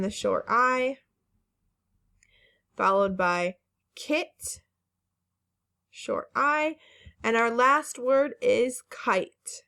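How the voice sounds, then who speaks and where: A woman teaching a phonics lesson to children, speaking slowly and carefully, stretching each word and encouraging the class. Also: fairly high pitch, gravelly, pushed and bright. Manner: slow, careful word-by-word enunciation; patient and encouraging, with fillers.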